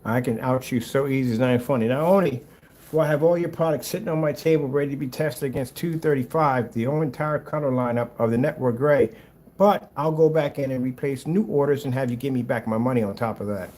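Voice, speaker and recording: A man reacts to a rival's screen paint video with mocking, exasperated commentary, talking fast and swinging between loud outbursts and low muttering.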